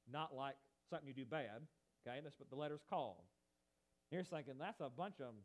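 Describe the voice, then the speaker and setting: A high-voiced preacher from the United States delivers a lively sermon, his pitch climbing and dropping to underline ideas. Between emphatic points, he makes friendly asides to the people in the pews.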